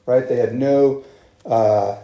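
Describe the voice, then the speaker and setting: A man preaching a sermon in a relaxed, conversational way, with frequent fillers and rhetorical asides. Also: medium pitch, slow pace, roomy sound, lo-fi sound. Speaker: pastor.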